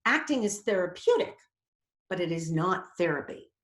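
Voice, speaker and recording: Brief: woman acting coach, lively lecture voice, roomy echo. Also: lowish voice, moderate pace. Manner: animated, acts out quoted inner voices. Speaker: acting teacher. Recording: echoey room.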